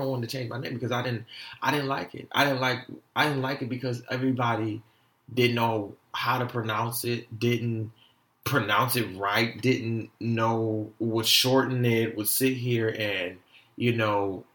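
A young man hosting a casual solo podcast, telling a story with animated, exasperated swings up in pitch. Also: moderate pace, roomy sound. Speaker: podcast host.

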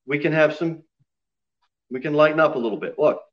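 A man's voice: a little high, fairly quick, dull audio. A male pastor preaching a sermon to his church, joking and self-deprecating, often repeating himself. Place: church sanctuary.

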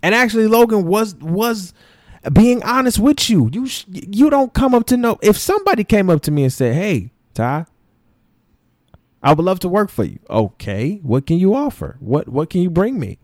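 Lively, profane man venting on a podcast. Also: sits high, moderate pace, no echo, studio quality. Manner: animated, profane venting with slang; mocks others in put-on voices. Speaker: podcast host. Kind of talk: ranting opinion podcast.

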